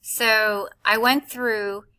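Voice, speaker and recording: Slow, bright-voiced woman teacher. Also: a little high, steady tone. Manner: explains slowly, reads verse aloud with stressed beats. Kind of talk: recorded classroom lesson.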